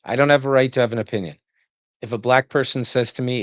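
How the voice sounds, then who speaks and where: A man's voice: mid-range voice, very animated, quick pace, no echo. A man giving reaction commentary, sarcastic and indignant as he rants.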